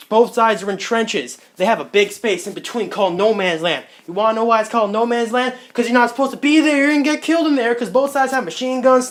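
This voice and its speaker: High-voiced young man, slangy. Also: fairly bright tone. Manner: slangy and jokey, voices countries in quick asides; rambling with restarts and self-corrections. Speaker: student presenter. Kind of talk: casual history summary.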